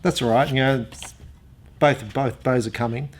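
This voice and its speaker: A man who owns an archery shop gives a casual demo of an arrow rest, drifting into customer stories in his chatty, rambling way. His mid-range voice stays fairly even in intonation at a moderate pace.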